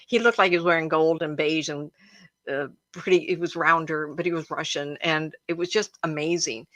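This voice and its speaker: A woman with a slightly low voice hosts a casual livestream as a psychic medium. She tells her stories with a lot of feeling, sometimes laughing or gasping along the way. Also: normal speed. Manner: emotional, animated storyteller who laughs and gasps often.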